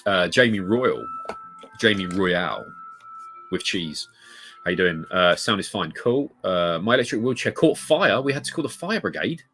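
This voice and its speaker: A man's voice: low-pitched, lively intonation, normal speed, sharp tone, faint music behind. A man chatting casually on a live stream at home, rambling and greeting viewers by reading out their comments. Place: home room full of retro games. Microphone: desk mic moved close.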